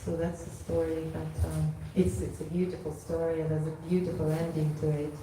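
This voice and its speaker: A woman's voice: sits low, monotone, normal speed, noisy background. A woman telling a devotional story at a temple gathering in a casual way, often saying "you know". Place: temple hall. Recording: echoey hall from far off.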